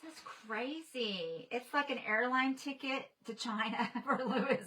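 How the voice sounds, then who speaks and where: Bright-voiced gushing woman. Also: on the high side, a little slow, slight background noise. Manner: gushing and excitable, chatty asides to viewers. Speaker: livestream host. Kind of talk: casual livestream chat.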